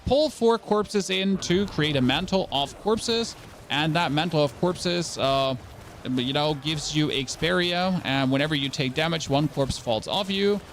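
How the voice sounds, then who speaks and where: A man's voice: a little high, a little slow, a bit bright, slight background noise. A young man giving casual gameplay commentary as a streamer, rambling, stammering over his words and asking his viewers questions.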